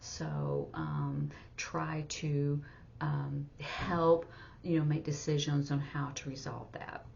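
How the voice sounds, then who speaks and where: A woman with a low-pitched voice gives a casual sign language lesson, pausing often to think aloud. The recording is dull and lo-fi, with a faint noise underneath. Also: animated, gravelly, darkish tone. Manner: halting, thinking aloud, with many fillers. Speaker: sign language teacher and interpreter.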